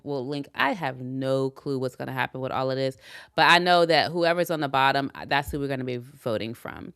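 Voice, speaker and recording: A woman chatting casually as co-host, her voice smooth and fairly low, recorded close and dry. She is animated and opinionated, laughs often, and stumbles into restarts when she is unsure. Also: dry recording. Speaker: podcast co-host. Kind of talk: casual chat recap.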